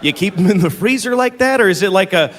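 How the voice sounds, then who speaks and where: A middle-aged man doing a stand-up comedy set on stage, with exasperated, mocking delivery and sudden high shouts. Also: expressive, fast. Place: large venue with a live audience. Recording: live hall recording with long reverb.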